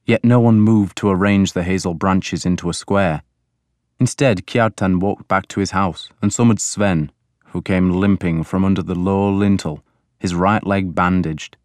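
A man narrating an audiobook in a measured, deliberate way. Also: deep voice, steady tone, a little mellow, no echo, studio quality.

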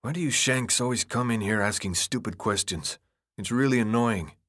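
A cocky teenage boy, winded and raw from running, talks down to everyone with bored scorn, as a male narrator puts him on. His delivery rises and dips in a lively sweep. It is a storybook reading. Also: medium pitch, measured pace, slightly rough, no room sound, clean studio sound, pitched above the performer's own voice. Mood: scornful. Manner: mocking, bossy, dismissive. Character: brash sarcastic teenage boy runner, worn out.

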